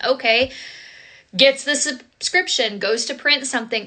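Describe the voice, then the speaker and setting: A woman with a very bright, sharp voice, pitched fairly high, rants in a vlog. She sounds sarcastic and exasperated, throwing out incredulous questions. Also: normal speed. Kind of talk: ranting vlog.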